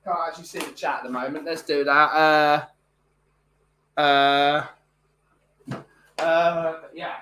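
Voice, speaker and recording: Chatty man, bright voice. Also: on the high side, steady tone, takes it slowly, pauses often, a little hiss or hum. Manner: rambling, chatty, many fillers. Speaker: live streamer. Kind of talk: casual live-stream chat.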